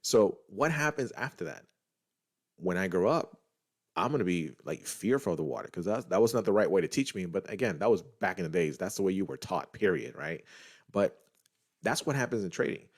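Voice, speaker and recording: A middle-aged man from Puerto Rico talks casually on a podcast with a very deep, low voice. He is animated, stumbles and restarts his phrases, and keeps turning to his listeners as he makes his point. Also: a little fast. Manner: animated, repetitive restarts, addresses listeners as guys. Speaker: podcast co-host, trading group leader.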